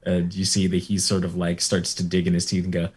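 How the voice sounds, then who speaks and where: A man narrating as game master of a tabletop role-playing game, relaxed and rambling with many fillers. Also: deep voice, a little fast, husky.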